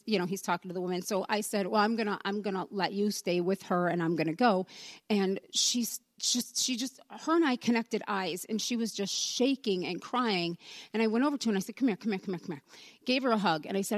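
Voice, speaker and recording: A woman shares a testimony in church and tells it like a story, with an even middle pitch. She talks in a casual, conversational way and voices each person's lines. The sound is dry and close, with little room echo. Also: brisk. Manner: conversational storytelling, acts out the dialogue. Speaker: church member giving a testimony.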